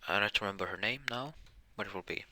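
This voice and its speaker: Rambling storyteller man, very low and very bright, dry sound. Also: quick pace, a little hiss or hum. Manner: rambling, frequent self-corrections. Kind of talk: improvised fan-fiction narration.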